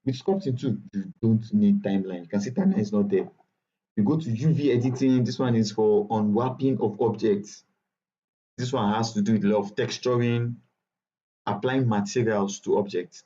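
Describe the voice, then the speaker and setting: Nigerian male instructor, low mellow voice, casual and repetitive, dull online-call audio. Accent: Nigerian English. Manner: chatty, repetitive, self-correcting. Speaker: bootcamp instructor. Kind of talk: live online tutorial.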